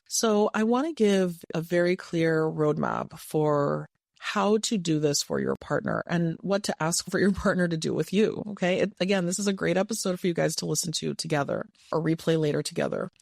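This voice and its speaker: Gravelly, dry-sounding advice podcast host. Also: medium pitch, normal speed, no echo. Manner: gentle, reflective, slightly playful. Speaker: podcast host and couples coach.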